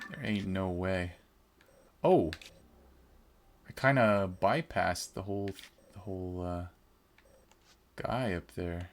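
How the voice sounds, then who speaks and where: Slow, low-voiced playful streamer man. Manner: playful, jokey, chatting with viewers. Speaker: game streamer. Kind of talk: casual gameplay commentary. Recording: clear background noise.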